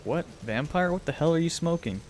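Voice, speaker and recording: A man's voice: a little high, animated, a little fast, slight background noise. A man streaming a game live, making joking, wisecracking asides as he plays.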